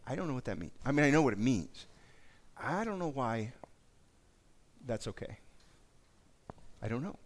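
An earnest male pastor preaching to his congregation at a middle pitch. He talks with steady conviction and drives his points home through repeated phrases. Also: moderate pace, pauses often. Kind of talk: sermon.

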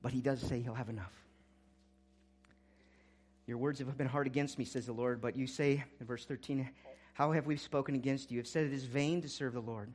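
A man preaching a sermon as pastor, swinging between quiet, low asides and loud, urgent exclamations. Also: steady tone, brisk, long pauses.

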